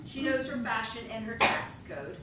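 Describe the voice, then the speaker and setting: Animated woman telling a comic story. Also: normal speed. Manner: animated, laughs often while telling. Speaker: storyteller on stage. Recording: echoey hall, voice from a distance, rumbling noise.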